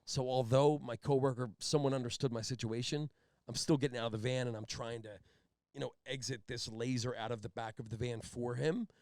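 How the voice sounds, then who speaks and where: A man from Pennsylvania co-hosts a podcast and tells a comic story in a rambling, deadpan way. His voice is gravelly and of middling pitch. It is recorded dry on a close mic. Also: brisk, dry recording. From Pennsylvania, USA. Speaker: podcast co-host.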